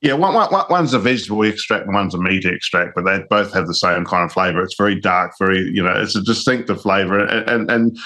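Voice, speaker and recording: A man from New Zealand with a New Zealand accent, a guest in a casual chat, talking in a friendly, halting way with many restarts. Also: sits low, lively intonation, bright, forceful tone.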